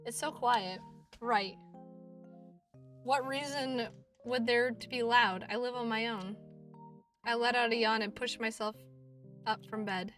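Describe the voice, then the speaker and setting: A woman streamer reading a visual novel aloud and reacting, expressive, swearing and laughing at herself. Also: fairly high pitch, measured pace, pauses often, far from the mic, soft background music. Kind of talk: game playthrough, reading and reacting.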